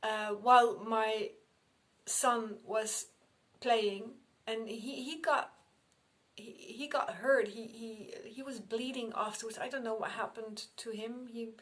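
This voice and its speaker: A middle-aged woman speaks as a spiritual medium recounting her own experiences. Her voice sits slightly high, and she takes her time, repeating phrases and restarting thoughts as she goes. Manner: unhurried, repetitive, restarting phrases. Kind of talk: personal storytelling to camera.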